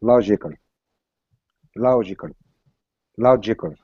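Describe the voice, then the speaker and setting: A man's voice: lowish voice, takes it slowly, breathy edge, no echo, dull audio. A male student in an online English class, carefully reading and repeating words after his teacher.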